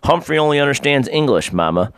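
A man voicing a shy, gentle young girl who talks softly in a storybook reading. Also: mid-range voice, sing-song, fairly quick, clear, resonant tone, no room sound, clean studio sound, pitched above the performer's own voice. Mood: coaxing. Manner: soft, gentle.

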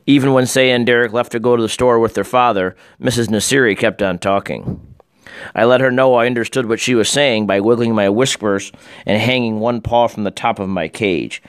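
A man reading a children's book aloud in a calm, gentle storytelling manner. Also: on the low side, moderate pace, clear, resonant tone, no room sound, clean studio sound.

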